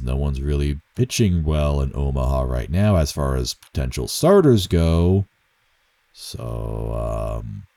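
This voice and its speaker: Low, mellow-voiced young man rambling. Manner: rambling and self-mocking, with fillers and chuckles. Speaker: baseball commentator. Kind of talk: casual solo commentary.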